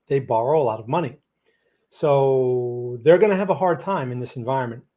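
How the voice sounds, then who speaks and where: A man's voice: mid-range voice, moderate pace, warm tone. A man with an American accent hosting a live market analysis stream, blunt and cautionary, often repeating words as he answers viewers.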